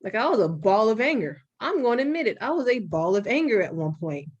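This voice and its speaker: A young adult woman hosting a podcast, talking frankly and with some profanity in an animated, storytelling way. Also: mid-range voice, quick pace, husky, muffled recording. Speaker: podcast host. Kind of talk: candid podcast conversation.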